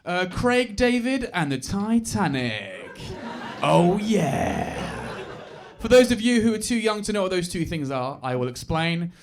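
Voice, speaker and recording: A man's voice: sits high, sing-song, moderate pace, few pauses. A young man, doing stand-up comedy in a club and teasing the crowd. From England. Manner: chatty, teasing, crowd work. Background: audience laughter.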